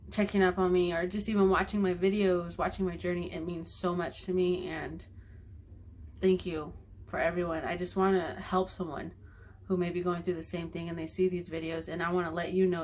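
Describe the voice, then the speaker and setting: A woman's voice: fairly low pitch, darkish tone. A young woman talking in a personal video diary, emotional and grateful, rambling with fillers. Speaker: vlogger.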